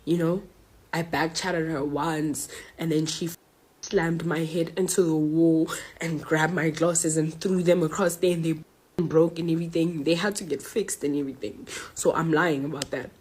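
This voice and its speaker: A woman's voice: deep voice, fairly even intonation, moderate pace, a little mellow, breathy edge. A young woman student from South Africa venting angrily online and confronting her mother directly. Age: young adult. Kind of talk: emotional social media rant.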